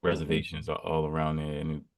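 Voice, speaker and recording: A man with a very low voice talks in casual podcast chat, halting, filling gaps with ums and repeating words. He sits away from the microphone, and the sound is dry and distant. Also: monotone, dry recording. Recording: distant from the mic.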